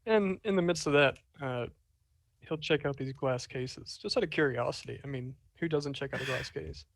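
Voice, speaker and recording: A man's voice: mid-range voice, normal speed, creaky, no echo. A man playing a curious investigator in a tabletop game, chatty and often cutting himself off. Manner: chatty, self-interrupting, laughs often. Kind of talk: tabletop role-play over a voice call.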